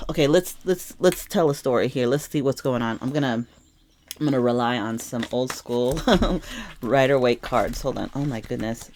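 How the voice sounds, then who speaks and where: A woman's voice: rumbling low, moderate pace, background noise. A young woman reading tarot cards to camera, sometimes muttering to herself, sometimes urging her listeners with strong emotion. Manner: emphatic, emotional, swings from muttering to impassioned urging. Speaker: tarot reader.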